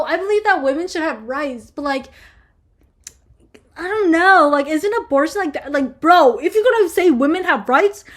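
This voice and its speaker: A young woman vlogger answering viewer questions in a casual, heated rant, swearing constantly and filling every pause with fillers. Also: sits high, a bit bright. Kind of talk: casual ranting chat.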